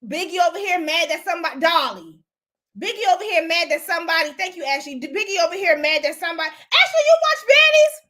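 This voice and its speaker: A woman's voice: very high-pitched, animated, fast talker, sharp tone. A woman hosting a casual live stream, gossiping bluntly and profanely while she greets and answers viewers. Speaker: host.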